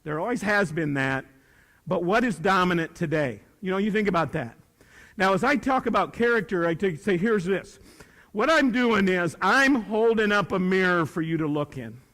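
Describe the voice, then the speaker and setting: A middle-aged man with a high voice gives a folksy motivational talk to students. He jokes and asks the crowd questions. His voice rings with the long reverb of a big hall. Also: animated, normal speed, a bit bright. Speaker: speaker at a student leadership academy. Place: large hall with a student audience.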